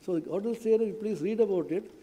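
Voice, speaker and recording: A man's voice: sits high, brisk, warm tone, husky. A man answering student questions at a science event, earnest and explanatory, repeating phrases for emphasis. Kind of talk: lecture-style Q&A answer. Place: large hall at a science day event. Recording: long hall reverb.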